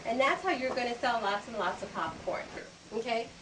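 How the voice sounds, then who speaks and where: A woman's voice: on the high side, animated, brisk. A woman etiquette instructor teaching a group of children, upbeat and teacherly, acting out greetings and handshakes. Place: library program room. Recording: echoey room, distant mic, background noise.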